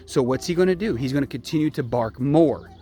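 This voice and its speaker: A man working as a dog trainer, explaining step by step in a relaxed, unscripted way and often stopping with a checking "okay?". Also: mid-range voice, brisk, faint music behind. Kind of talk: casual filmed training demonstration. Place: outdoors by a puppy pen.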